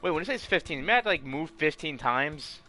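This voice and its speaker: Man streaming a game, high bright voice, lively and swearing, music underneath. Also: fast. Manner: swears a lot, goes from mumbled counting to shrill mock panic. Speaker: streamer playing a puzzle game. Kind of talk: casual gaming chat.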